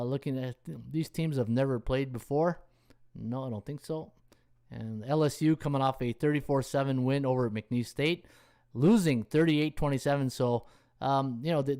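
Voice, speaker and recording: A man's voice: medium pitch, a little mellow. A man hosting a casual sports betting live stream, rambling and thinking aloud as he scrolls through stats and thanks viewers. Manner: reads viewer comments and thanks them. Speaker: sports betting handicapper and host.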